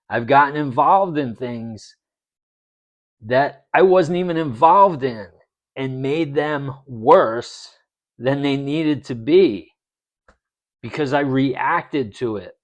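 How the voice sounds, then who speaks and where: A middle-aged man recounting a personal story in a vlog, talking in a measured way and checking in with the listener with "okay?". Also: mid-range voice. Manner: slow, measured, with many "okay?" check-ins. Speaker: vlogger sharing a manifesting journey. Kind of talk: reflective personal storytelling to camera.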